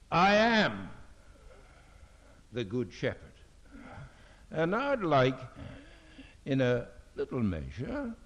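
An older man, preaching a sermon at a fellowship meeting and reading scripture in a slow, deliberate, emphatic way. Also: a little high, a little mellow. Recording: dull lo-fi recording.

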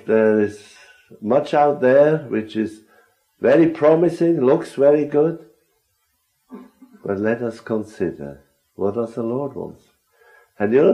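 A man's voice: medium pitch, mellow, low-quality recording. A man leading a group Bible discussion, earnest and often posing questions to his listeners. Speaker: Bible study speaker.

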